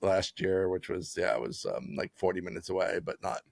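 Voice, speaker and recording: Lively, animated male podcast co-host. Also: deep voice, fairly quick, gravelly, no room sound, studio quality. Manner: animated storyteller, laughs often. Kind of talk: casual chat.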